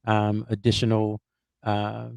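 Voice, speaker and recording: A man's voice: on the low side, completely flat delivery, takes it slowly, creaky, a little mellow, no echo, studio quality. A man on a podcast, a basketball reporter who hedges and thinks aloud with lots of fillers and restarts. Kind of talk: casual podcast chat.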